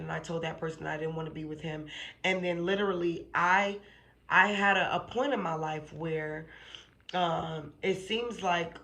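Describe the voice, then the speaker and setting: A woman's voice: on the low side, gravelly, a bit bright. A woman sharing a personal faith testimony in a casual, emphatic way. She repeats phrases for emphasis and keeps checking in with "okay?" and "you know what I'm saying?". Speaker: channel host giving a faith testimony.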